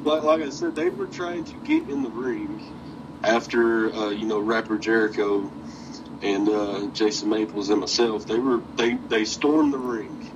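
In a casual interview, a man tells wrestling stories with animated energy, swearing freely and laughing often. His voice is lowish and his pace normal, against a noisy background.

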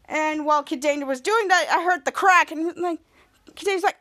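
High-voiced woman rambling through a recap. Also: fairly even intonation, moderate pace, a bit bright. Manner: rambling, filler-heavy retelling. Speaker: podcast host. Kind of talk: episode recap.

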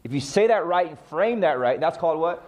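Man, sales coach, emphatic, rhetorical questions, slightly raised pitch. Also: expressive, a little fast, dull audio. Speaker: sales trainer. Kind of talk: coaching talk to agents.

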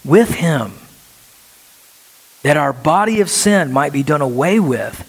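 A man preaching a sermon as pastor, animated and full of rhetorical questions, recorded in a church sanctuary. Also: on the high side, gravelly, breathy edge. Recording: long reverb of a church hall.

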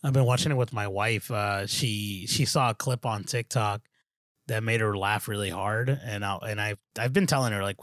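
A man with a fairly low, slightly bright voice speaks at a moderate pace in a clean studio recording with no echo. He's co-hosting a podcast, chatting casually and rambling, full of fillers, restarts and "dude."

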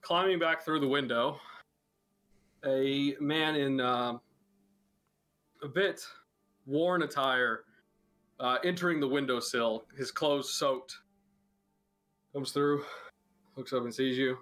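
Bright-voiced man running a tabletop game. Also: medium pitch, fairly even intonation, slow, pauses often, soft background music. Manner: casual, filler-heavy. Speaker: game master.

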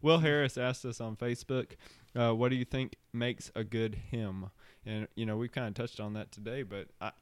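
A man co-hosting a podcast in casual chat, relaxed and halting, with plenty of fillers and laughs. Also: medium pitch, clear, resonant tone, no echo. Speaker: podcast co-host.

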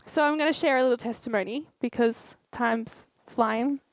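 A woman's voice: fairly high pitch, moderate pace, no room sound. A woman giving a short sermon, telling a heartfelt story with quoted dialogue.

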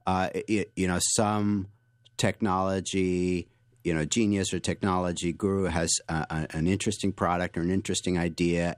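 A man with a very low voice answers interview questions in an animated, storytelling way, often restarting his sentences. The sound is close and dry, with no room around it. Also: no echo. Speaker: guest author.

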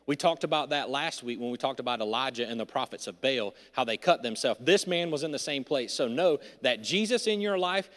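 A man preaching a sermon in a church, swinging between loud emphasis and hushed, intimate lines. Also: mid-range voice, lively intonation, brisk, hardly any pauses. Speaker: pastor. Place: church sanctuary. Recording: long hall reverb.

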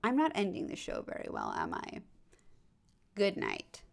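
A woman's voice: medium pitch, wildly swooping pitch, measured pace, creaky. A tired woman hosting a podcast, chatting casually and giving advice with lots of fillers, asides and self-deprecating jokes. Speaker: podcast host.

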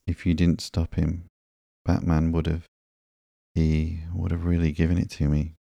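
A man reading the lines of a nervous, awkward young man in a halting, hesitant way for a sleepy comic book reading. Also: deep voice, completely flat delivery, vocal fry, mellow, no echo.

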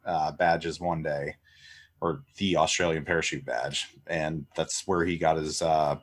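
An American man with a low, deep voice talks in an easygoing, relaxed way. He trades service stories in a casual conversation. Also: unhurried. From United States. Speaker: podcast guest. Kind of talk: casual chat.

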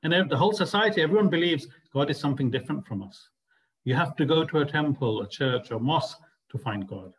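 A man's voice: a little high, expressive, fast, low-quality recording. A man teaching a spiritual study group, explaining ideas earnestly and asking the class rhetorical questions. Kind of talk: class discussion lecture.

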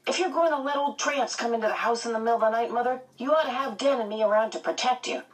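A cocky young boy who talks with indignant bravado, put on by a woman narrator. His voice is pitched up and pushed a little louder. It sounds slightly far from the mic. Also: fast, natural voice. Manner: brash and indignant. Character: bold, protective young boy, a twin.

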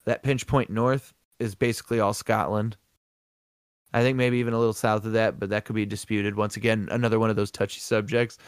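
A man's voice: fairly low pitch, little pitch movement, fairly quick, clean tone, dry recording, clean studio sound. A man co-hosting a casual podcast chat, rambling and profane, often laughing. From American Midwest. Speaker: co-host.

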